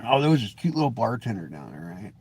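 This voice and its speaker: A man's voice: fast talker, husky. A man from the Pacific Northwest hosting a casual, rambling live stream, folksy and joking, calling himself grumpy. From Washington state. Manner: lively pitch swings, mimics voices in anecdotes.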